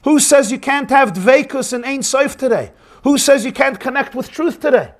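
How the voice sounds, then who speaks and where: A man voicing a saintly, joyful Hasidic sage who speaks with rising, exuberant excitement. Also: extremely high pitch, brisk, voice pushed up.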